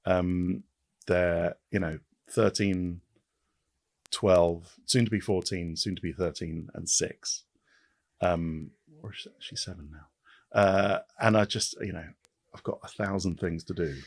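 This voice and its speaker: A man in his fifties, a podcast guest, talking in an animated way with quick restarts and repetitions. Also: deep voice, dry recording. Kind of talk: casual interview chat.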